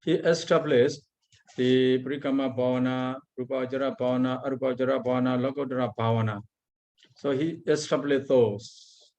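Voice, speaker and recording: A Burmese monk, a man whose first language is Burmese, giving an Abhidhamma lecture in halting English. He searches for words and recites Pali passages before explaining them. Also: mid-range voice, steady tone, darkish tone, muffled recording. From Myanmar. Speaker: Buddhist monk teacher.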